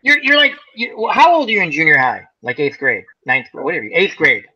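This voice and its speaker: A man in his forties hosting a relaxed online chat, his voice bright and cutting. He tells stories with lots of swing in his pitch and acts out the voices of the people in them. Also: brisk, husky, highs cut off. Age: 40s. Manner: animated storyteller acting out voices. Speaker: host. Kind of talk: casual chat.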